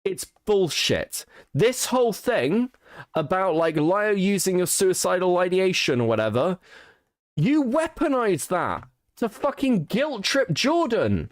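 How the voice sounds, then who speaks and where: A man's voice: high voice, very animated, unhurried, no room sound, studio quality. A man hosting a casual commentary stream, swearing and restarting as he gets worked up. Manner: heated, swearing, frequent restarts. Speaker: stream host.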